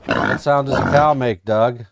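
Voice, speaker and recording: A man's voice: mid-range voice, lively intonation, unhurried, creaky, very noisy. An American man giving a casual, folksy live-stream recap of his trading day, joking and thinking aloud as he looks over charts. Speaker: trading educator.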